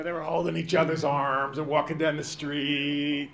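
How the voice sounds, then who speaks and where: A man's voice: a little high, steady tone, normal speed, few pauses. A man in his fifties giving a rambling, joking banquet speech, calling out to people in the crowd. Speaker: banquet speaker.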